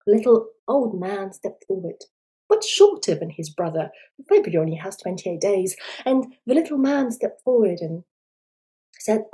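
A woman telling a folk tale in a soft, dramatic storybook narration. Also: mid-range voice, very animated, moderate pace, low-quality recording.

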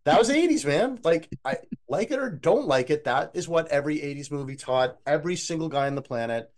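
A man co-hosting a podcast, reviewing an eighties movie in casual chat, opinionated and animated. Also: a little high, a little fast. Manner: animated, opinionated, quotes scenes in a put-on voice. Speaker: podcast co-host.

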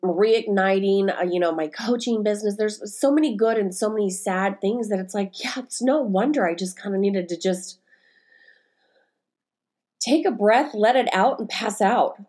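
A woman's voice: medium pitch, moderate pace, darkish tone. Emotional woman podcaster rambling candidly. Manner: rambling, candid storytelling with many fillers. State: emotional, close to tears. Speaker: podcast host and life coach. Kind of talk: casual solo podcast monologue.

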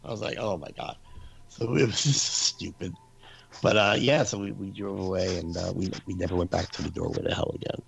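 Man with a gravelly, lowish voice; animated storyteller who laughs and mimics screaming; faint music underneath. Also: fairly quick. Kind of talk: casual storytelling.

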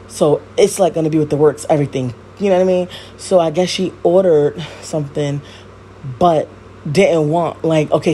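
Speaking on the low side, a podcast host delivers a casual commentary rant full of blunt slang and heavy swearing, animated and repetitive. There is slight background noise.

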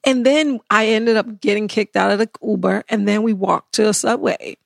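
A middle-aged American woman hosting a podcast in casual, animated chat, laughing often and acting out quotes. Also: medium pitch, moderate pace, creaky, no room sound, studio quality. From United States. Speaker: podcast host.

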